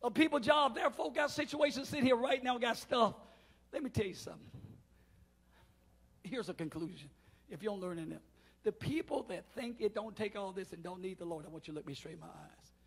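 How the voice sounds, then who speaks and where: A middle-aged man, preaching a call-and-response sermon as pastor in a church, swinging between shouts and quiet asides. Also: high voice, fairly quick, slightly rough. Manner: swings from shouting to near-murmur, preacher cadence. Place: church sanctuary.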